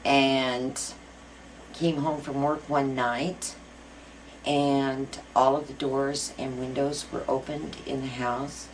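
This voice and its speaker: A woman's voice: very deep voice, little pitch movement, slow, a little hiss or hum. A middle-aged woman being interviewed, earnestly telling a personal ghost story with many fillers. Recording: voice a bit far from mic, faint music.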